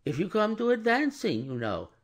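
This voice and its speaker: A man voicing a fussy, mild older male bank clerk in an audiobook, hesitant and precise, with a husky voice. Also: sits high, big pitch swings, moderate pace, pitched above the performer's own voice, exaggerated voice. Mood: flustered.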